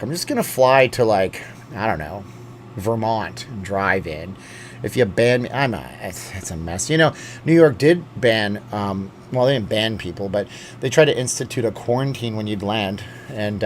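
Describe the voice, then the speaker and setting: A man's voice: lowish voice, lively intonation, moderate pace, slight background noise. A man from Canada hosting a casual live stream, rambling and jokey, reading out viewer chats.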